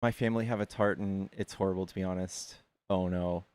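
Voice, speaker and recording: A man from the United States streaming, chatting casually and telling rambling, animated stories with plenty of swearing. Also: sits low, a little fast, smooth, no echo. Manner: rambling, animated storytelling with profanity. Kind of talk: casual chat.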